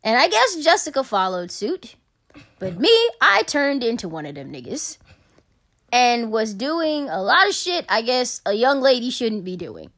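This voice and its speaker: High-voiced woman, animated profane storyteller. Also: a little slow. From Caribbean family. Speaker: podcast co-host. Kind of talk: casual storytelling chat.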